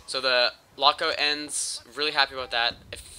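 Sharp-voiced man with a cold, rambling. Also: medium pitch, fairly even intonation, moderate pace. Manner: rambling, joking and crude. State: sick with a cold. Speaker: gaming channel host. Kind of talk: gameplay commentary voice-over.

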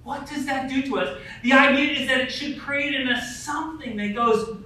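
A man's voice: extremely high pitch, moderate pace, sharp tone. A man preaching a sermon as pastor, talking conversationally with frequent "right?" asides and stories about his family. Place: church sanctuary. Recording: echoey hall, voice from a distance, faint noise.

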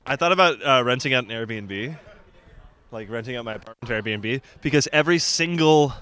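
A young man hosting a student live stream outdoors on a handheld mic, chatty and halting with many fillers. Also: mid-range voice, animated, bright, forceful tone. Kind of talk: casual live-stream chat. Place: outdoors on a campus.

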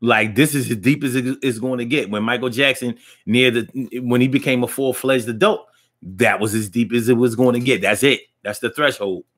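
A man's voice: medium pitch, steady tone, normal speed, fairly bright tone. A man hosting a casual live-stream talk show, chatting loosely with slang and lots of restarts, reading viewer comments aloud.

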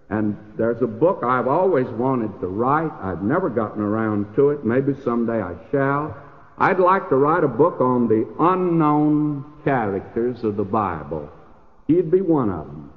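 An older man preaching a sermon in a church, folksy in manner and rising to emphatic peaks. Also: medium pitch. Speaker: pastor. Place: church sanctuary. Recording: lo-fi phone-like old radio recording with long hall reverb.

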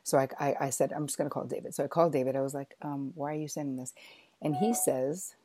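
A middle-aged woman hosting an interview, telling a lively personal story in a chatty, animated way. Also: deep voice, quick pace, slight background noise. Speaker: podcast host.

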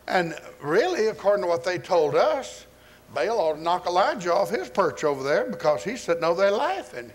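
A man's voice: high-pitched, sing-song, fairly quick. Folksy preacher man telling a story. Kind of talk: sermon.

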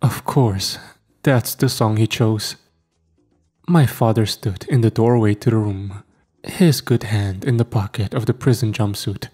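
A man narrating a first-person horror story in a steady, grim storytelling voice. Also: fairly low pitch, measured pace, husky, soft background music.

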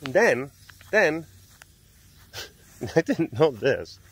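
A man hosting a casual vlog outdoors at a big cat sanctuary, telling stories in a relaxed way with laughs and cooing softly to the animals. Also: a little high, extremely slow, slight background noise.

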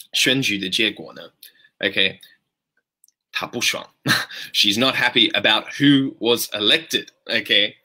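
Lively man teaching English on a live stream. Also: medium pitch. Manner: animated, switches between Mandarin and English, slows to spell and repeat phrases. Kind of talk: casual live-stream language lesson.

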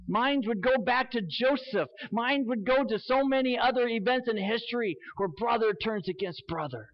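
A male pastor preaching a sermon in church, earnest and emphatic, slowing down for dramatic weight. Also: very high voice. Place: church sanctuary. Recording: dull lo-fi sermon recording.

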